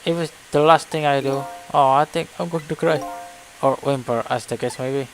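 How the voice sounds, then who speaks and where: A man's voice: mid-range voice, steady tone, moderate pace, natural voice, low-quality recording. An Indonesian-accented man voicing a loyal, dramatic little male dog in a game playthrough, in a fervent, breathless way. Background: game music.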